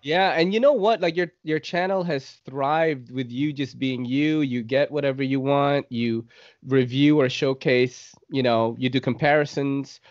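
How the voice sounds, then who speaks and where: A man's voice: mid-range voice, measured pace, no room sound, dull audio. A man hosting a casual podcast interview, reading out listener questions and laughing often. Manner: enthusiastic, laughs a lot, reads listener questions. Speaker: podcast host.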